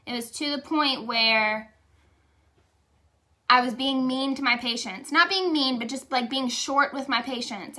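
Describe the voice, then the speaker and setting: A woman's voice: on the high side, bright, forceful tone. A young woman giving a candid, emotional motivational testimonial, chatty and saying y'all. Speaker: direct sales leader.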